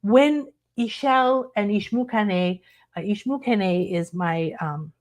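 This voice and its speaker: A woman's voice: mid-range voice, slow, darkish tone. A middle-aged woman giving an unscripted spiritual talk to her viewers, earnest and meandering, speaking from the heart. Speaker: spiritual teacher.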